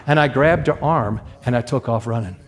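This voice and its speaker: A middle-aged man preaching as a guest minister, telling a story with emphatic, animated delivery and acted sound effects. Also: medium pitch, moderate pace. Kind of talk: storytelling sermon.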